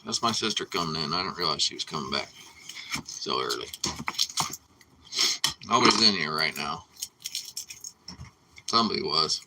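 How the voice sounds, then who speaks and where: A man's voice: rumbling low, expressive, moderate pace, long pauses, sharp tone, slight background noise, rough recording. A man hosting a casual live cooking stream from his home kitchen, chatting loosely with viewers and swearing freely. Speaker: livestream cooking host.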